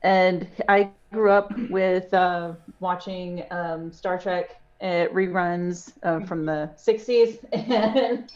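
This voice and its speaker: A woman's voice: on the low side, steady tone, takes it slowly, hardly any pauses, a little mellow. Laughing woman telling stories, lo-fi. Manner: laughing anecdotal storyteller. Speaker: convention panelist. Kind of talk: casual panel chat.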